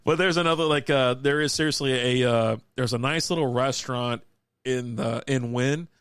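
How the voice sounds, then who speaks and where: A man's voice: medium pitch, normal speed, fairly bright tone, smooth, no room sound. Rambling, swearing male co-host, dry sound. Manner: rambling, swears freely, laughs often. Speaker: podcast co-host. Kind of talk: casual live-stream chat.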